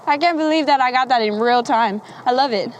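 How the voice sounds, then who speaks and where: A woman's voice: sits high, fairly quick, slight background noise. A young woman vlogging straight to camera, talking candidly and rambling, swearing freely and laughing often. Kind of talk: candid casual talk to camera.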